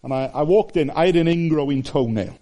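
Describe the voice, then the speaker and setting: A Welsh man in his fifties preaches a conversational sermon, speaking a little fast. His delivery swings between high exclamations and hushed asides.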